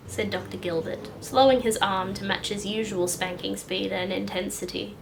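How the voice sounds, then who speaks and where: A woman narrating a story in a steady, even reading voice. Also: medium pitch, normal speed, creaky, few pauses, a little hiss or hum, low-quality recording. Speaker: audiobook reader.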